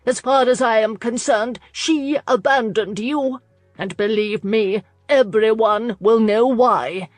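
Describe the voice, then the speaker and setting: A woman's voice: on the high side, takes it slowly, dry recording, soft background music. A woman reader voicing a haughty, scornful older aristocratic lady with a spiteful edge.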